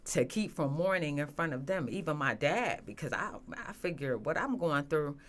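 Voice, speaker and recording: A woman's voice: low voice, lively intonation, moderate pace. A woman, a guest candidly telling a personal story, often saying "you know". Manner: earnest, candid, many "you know" fillers.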